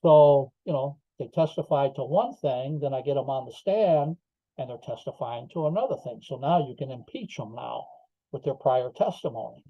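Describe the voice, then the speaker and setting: A man's voice: medium pitch, lively intonation, normal speed, dry recording. An older man, a podcast guest, telling his story emphatically with rhetorical asides. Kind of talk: interview storytelling. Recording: slightly dull lo-fi audio.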